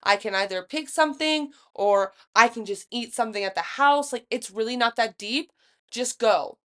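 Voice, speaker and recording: Profane, animated storytelling young woman. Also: fairly high pitch, normal speed, smooth. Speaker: podcast co-host. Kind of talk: casual chat.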